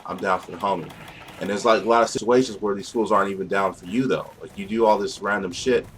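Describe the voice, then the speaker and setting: A man's voice: fairly low pitch, quick pace, slight background noise. A young man chatting casually and profanely over gameplay, rambling in streetwise slang. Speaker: gameplay commentator.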